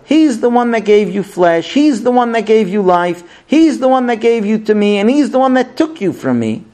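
A man's voice: high-pitched, big pitch swings, normal speed, dark tone. A man playing a grief-stricken old father who laments and cries out in a storybook retelling. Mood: mourning. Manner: lamenting, crying out.

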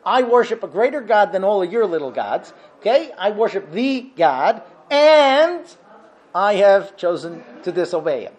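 A proud, stubborn prophet declaims his faith and his refusal in emphatic, punchy phrases, as a man puts him on during a talk. The voice sits high for a man. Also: very animated, measured pace, a little mellow, full character voice. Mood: defiant.

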